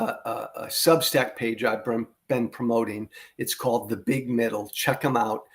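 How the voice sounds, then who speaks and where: A man hosting a political podcast, delivering a fervent, blunt monologue full of profanity and repeated phrases for emphasis. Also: medium pitch.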